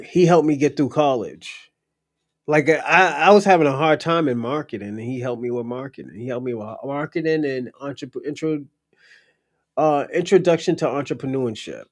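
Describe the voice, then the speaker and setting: A man's voice: medium pitch, no echo, studio quality. A young adult man hosting a livestream, chatting casually in a blunt, profane, rambling storytelling way. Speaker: livestream host.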